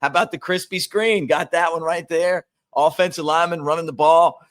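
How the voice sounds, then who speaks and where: A man hosting a casual sports podcast, easygoing and quick to laugh, reading sponsor plugs between chat. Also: fairly high pitch, steady tone, a bit bright. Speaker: podcast host.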